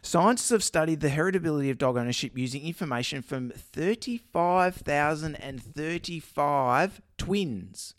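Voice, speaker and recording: A man's voice: a little high, lively intonation, moderate pace, hardly any pauses, no room sound, studio quality. Man, chatty podcast host. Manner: chatty, joking, reads articles aloud with frequent ums. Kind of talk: casual chat.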